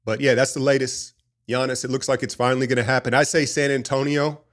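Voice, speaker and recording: A man hosting a casual basketball talk show, rambling and opinionated in an animated fan's way. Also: medium pitch, fast. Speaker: sports podcast host. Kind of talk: casual sports commentary.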